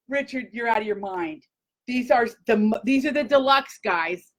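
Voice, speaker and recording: A woman hosting a casual live chat, gushing and excitable, talking straight to her viewers. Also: a little high, normal speed, poor audio. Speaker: host.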